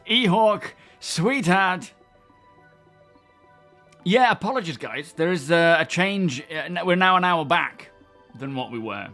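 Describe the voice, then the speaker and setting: A man's voice: a little high, animated, slow, long pauses, sharp tone, soft background music. A young man streaming a game, chatting casually and greeting his viewers by name. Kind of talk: casual live-stream chat.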